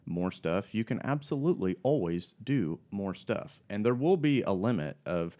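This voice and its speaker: A man with a very deep voice co-hosting a fitness show. He tells anecdotes in a dry, joking way, relaxed and conversational. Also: moderate pace. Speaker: fitness podcast co-host. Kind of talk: casual chat.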